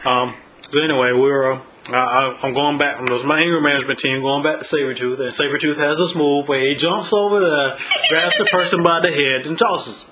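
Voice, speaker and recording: A man's voice: a little high, steady tone, fairly quick, bright, forceful tone, poor audio. A man telling stories in casual chat as a podcast co-host, laughing often as he talks.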